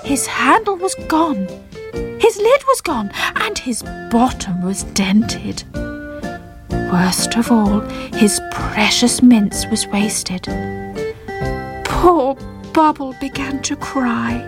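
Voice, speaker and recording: Woman storyteller for children, high and unhurried, soothing; music bed beneath. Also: very animated.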